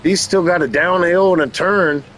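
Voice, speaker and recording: A man's voice: high-pitched, moderate pace, fairly bright tone, slight background noise, rough recording. A man giving playful play-by-play commentary on a race, mixing calls with teasing jokes. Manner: jokey, teasing asides between race calls. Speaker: race commentator and channel host.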